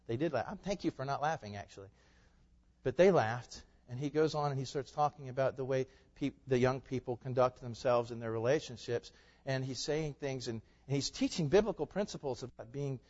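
A man preaching a sermon to a congregation, swinging from loud, emphatic peaks to quiet, low asides. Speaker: pastor. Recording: muffled sound in a reverberant hall.

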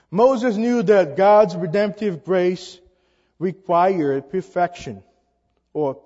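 High-voiced man preaching in a reverberant hall. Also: darkish tone. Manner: emphatic, rising on rhetorical questions, with halting fillers. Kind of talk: sermon. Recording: dull sound with long reverb.

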